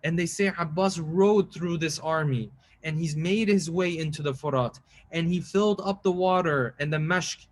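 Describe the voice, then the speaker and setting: A man giving a mournful sermon, telling a tragic story with rising emotion and quick recited lines. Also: on the high side. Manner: quotes Arabic lines in quick chant-like recitation. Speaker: preacher. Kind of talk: mournful majlis sermon narration.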